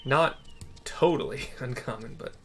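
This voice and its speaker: A man's voice: medium pitch, unhurried, fairly bright tone, soft background music. A man talking casually while playing a video game, tossing out offhand asides and frequent swearing. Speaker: gamer. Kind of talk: casual let's-play commentary.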